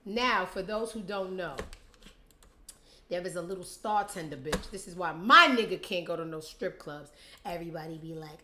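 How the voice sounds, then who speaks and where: A woman hosting a casual gossip show, animated and profane, who mocks people with put-on voices. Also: medium pitch, normal speed, roomy sound. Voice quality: animated, profane, acts out quotes in mocking voices. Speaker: host.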